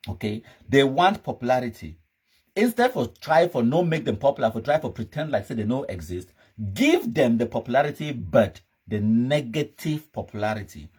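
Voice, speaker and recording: A man's voice: mid-range voice, big pitch swings, moderate pace, a little mellow, breathy edge. A man speaking Cameroonian Pidgin English, hosting a live commentary show in an emphatic, scornful, ranting manner. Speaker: host.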